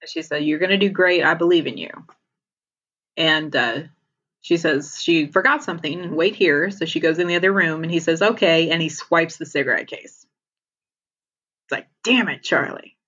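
Chatty woman with a slightly low voice. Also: normal speed, a bit bright, slightly rough, dull audio. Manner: chatty retelling, laughs often. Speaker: podcast co-host. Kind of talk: casual TV episode recap.

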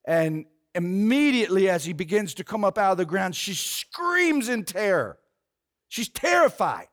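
A male preacher giving a sermon, retelling a story in an animated way with casual fillers. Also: sits high, unhurried.

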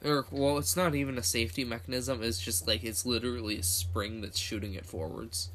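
Young dude on a podcast, kinda halting, keeps restarting, dry wisecracks. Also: male voice, mid-range voice, steady tone, a bit bright, slight background noise. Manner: hesitant, restarts often, offhand wisecracks. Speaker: podcast co-host. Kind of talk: casual chat.

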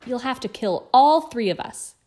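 A man's voice: extremely high pitch, big pitch swings, slow pace, creaky, voice pushed up, exaggerated voice. Woman voicing an injured, pained teenage boy. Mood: defiant.

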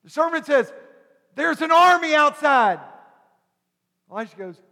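A male pastor preaching a sermon, telling a story animatedly and acting out the characters before building to loud preaching. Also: very high voice, lively intonation, a little slow, pauses often. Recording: long hall reverb.

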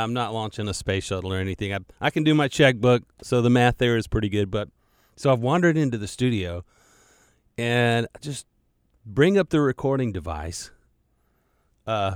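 A man who produces a radio show records a podcast alone in the studio, rambling through a casual monologue. He's chatty, digressive and self-deprecating, repeating words as he goes. His voice sits on the low side, caught on a studio microphone with no echo.

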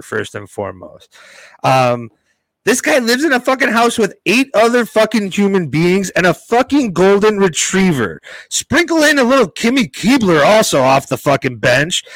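A man giving a profane, animated opinion rant in casual podcast banter. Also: fairly high pitch, dry recording, low-quality recording.

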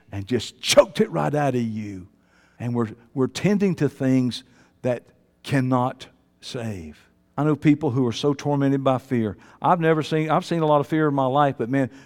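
High-pitched preacher in an echoing hall. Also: male voice. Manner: preaching with swings between shouting and quiet asides; folksy, colloquial speech. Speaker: pastor. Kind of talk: sermon.

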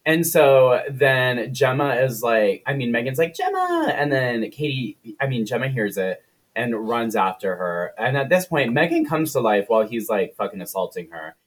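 A man's voice: medium pitch, normal speed. A man co-hosting a podcast, retelling a film plot in casual, profane chat and briefly putting on voices for the characters. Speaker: podcast co-host.

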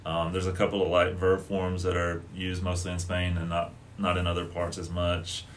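Deep-voiced man, hesitant, faint hiss. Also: monotone, normal speed. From North Carolina. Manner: hesitant, many fillers like um and like. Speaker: guest, Spanish teacher. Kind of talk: conversational interview.

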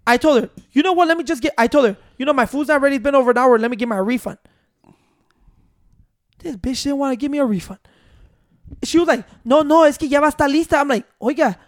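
A man's voice: very high voice, fast, pauses often, dry recording, studio quality. A man telling a long, profane story in casual chat with friends, switching into Spanish and interrupting himself with "wait". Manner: rambling, profane, mixing in Spanish, keeps saying "wait".

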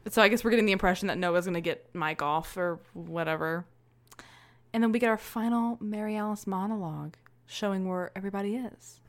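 A woman co-hosting a podcast, chatting casually with an excitable, quick-to-laugh manner. Her voice sits at a middle pitch for a woman, and she swears freely as she talks. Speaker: podcast co-host. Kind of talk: casual chat.

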